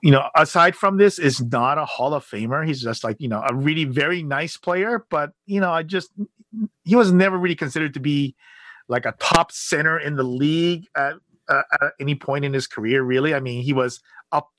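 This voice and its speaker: A man co-hosting a podcast in casual chat, animated and rambling, full of fillers and restarts. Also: fairly high pitch, fairly quick, no room sound. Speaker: podcast co-host.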